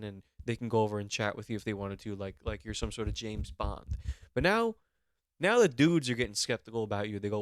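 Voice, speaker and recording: A man's voice: mid-range voice, clean tone, dry recording, studio quality. A young man co-hosting a comedy podcast, giving brash, profane, mock-serious instructions. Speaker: podcast co-host.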